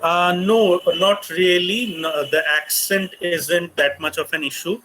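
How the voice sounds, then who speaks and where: A quick man with an Indian English accent walks students through study-abroad steps, slipping in fillers as he goes. His voice sits a little high and sounds bright. The video-call mic picks up a faint hiss of background noise. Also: steady tone, poor audio. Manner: explanatory, with frequent fillers. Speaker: guest speaker on study abroad. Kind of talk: webinar talk, English mixed with Hindi. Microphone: computer mic on a video call.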